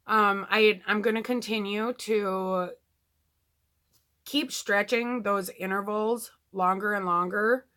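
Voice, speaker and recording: A woman's voice: medium pitch, fairly even intonation, slow, sharp tone, clear, resonant tone. A woman talking candidly in a casual video diary, rambling with lots of ums and you-knows. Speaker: vlogger.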